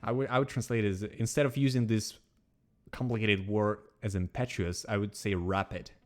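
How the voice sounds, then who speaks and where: A podcast co-host with a Russian accent speaks English as a second language in a casual chat, meandering and halting as he explains things. His voice is lowish with fairly even intonation, over soft background music.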